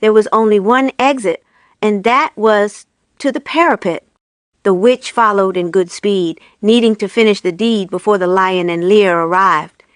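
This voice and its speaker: A woman narrating an audiobook in a measured, steady way. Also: medium pitch, clean tone, no echo, clean studio sound.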